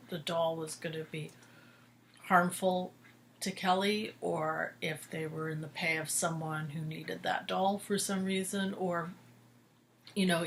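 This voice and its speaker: A woman's voice: fairly low pitch, fairly bright tone, slight background noise. A woman co-hosting a podcast, discussing soap opera episodes in an engaged, analytical way. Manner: engaged, analytical, backchannels often. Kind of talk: casual chat.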